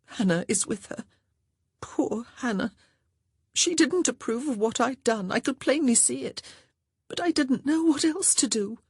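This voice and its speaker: Tearful young Regency lady, played by a woman narrator; high, breathy, pleading, storybook reading. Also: animated, a little slow, dry recording, studio quality, heavily acted. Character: young gentlewoman, tearful and anxious.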